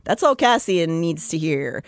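Young woman, podcast co-host, playful book recap, lively pitch, dry close sound. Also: measured pace, no echo. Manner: playful, giggly, retelling plot with jokes. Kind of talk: casual chat, book recap.

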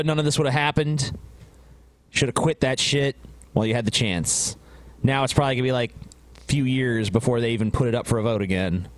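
A man's voice: mid-range voice, no room sound. Gloating, foul-mouthed male podcast host. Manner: loud, gloating, swears constantly. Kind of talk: casual profane chat.

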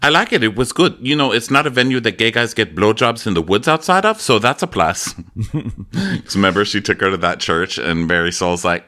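A man co-hosting a comedy recap podcast, campy and mocking, often slipping into high impressions. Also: expressive, moderate pace, bright, forceful tone. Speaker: podcast co-host.

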